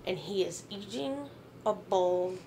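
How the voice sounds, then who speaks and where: Woman podcast host, slow storytelling, laughs and swears a lot, faint hiss behind. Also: mid-range voice. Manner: animated, laughing and swearing often. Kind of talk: casual storytelling.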